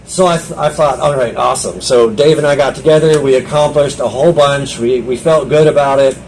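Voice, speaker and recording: A man's voice: fairly high pitch, steady tone, fairly quick, darkish tone, a little hiss or hum, poor audio. Earnest man sharing a personal story. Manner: earnest, conversational, many restarts and quoted inner thoughts. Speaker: Bible study speaker. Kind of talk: personal testimony.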